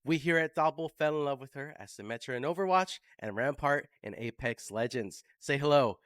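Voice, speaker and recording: A man's voice: mid-range voice, animated, a little fast, fairly bright tone, dry recording, clean studio sound. A man hosting a podcast, chatting casually and upbeat, telling stories with filler words. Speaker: podcast host. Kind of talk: casual interview chat.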